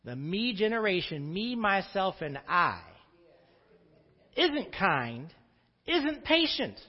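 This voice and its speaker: Animated pastor preaching in echoey hall. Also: male voice, high voice, slow, husky, lo-fi sound. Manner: preacher's call-and-response. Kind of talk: sermon.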